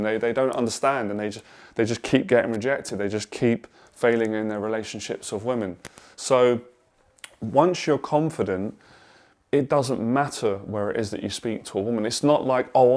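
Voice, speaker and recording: Earnest, emphatic low-voiced male coach. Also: darkish tone. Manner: earnest and emphatic, repeats phrases for stress. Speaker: dating and social confidence coach. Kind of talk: direct-to-camera advice monologue.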